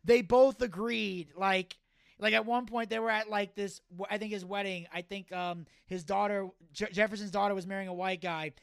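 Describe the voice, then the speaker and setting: Man in his 30s, animated guest storyteller, swears freely, dry close sound. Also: high voice, normal speed, vocal fry, smooth, dry recording. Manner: animated storyteller who swears and acts out quotes. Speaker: podcast guest. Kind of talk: casual podcast chat.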